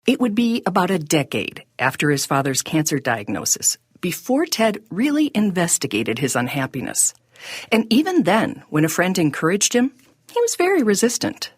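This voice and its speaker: A woman, the podcast host, giving measured, reflective scripted narration. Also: on the low side, big pitch swings, husky, dry recording, studio quality.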